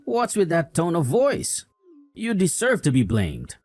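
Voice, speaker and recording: A man's voice: a little high, wildly swooping pitch, unhurried, darkish tone, dry recording, faint music behind, full character voice. A man voicing a young husband who scolds his wife with contempt and sides with his mother in a voiced drama story. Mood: scolding.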